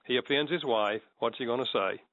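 A man speaking as a guest in a conversational interview, measured and explanatory, acting out sample apologies as he teaches. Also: mid-range voice, fairly bright tone, no room sound, highs cut off.

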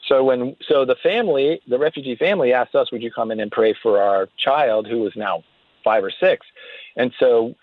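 A man speaks earnestly over a tinny, phone-like line, and the sound is dry and close. His pitch sits in an ordinary middle range as he tells his story, often backing up to restart his sentences. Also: normal speed, no room sound. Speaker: guest author. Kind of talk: radio interview storytelling.

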